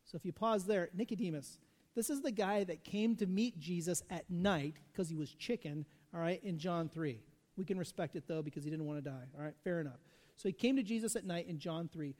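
A man preaching a sermon in a conversational, animated way, full of asides and rhetorical questions. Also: sits high, a little fast, big-room sound. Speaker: pastor.

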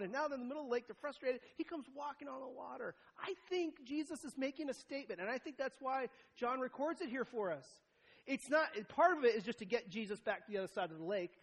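A young man preaching a conversational sermon, animated, with laughing asides and frequent "right?" checks. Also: sits high. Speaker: pastor.

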